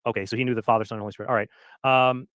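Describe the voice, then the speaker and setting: Quick questioning male debater. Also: medium pitch, fairly even intonation, a bit bright, no echo. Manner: probing questioner, hesitant fillers. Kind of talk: formal debate.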